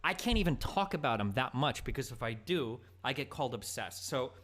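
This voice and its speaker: A man's voice: medium pitch, expressive, brisk, a bit bright. A man streaming live, commenting casually and with plenty of swearing, exasperated and rambling.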